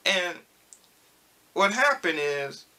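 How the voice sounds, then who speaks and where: Bright, higher-voiced young man vlogging. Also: extremely slow. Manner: animated storytelling, acts out quoted exchanges. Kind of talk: casual vlog monologue.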